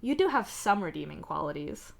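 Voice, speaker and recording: A woman reading the lines of a gentle, teasing young companion in a live fanfic reading. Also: lowish voice, very animated, fairly quick, gravelly, full character voice.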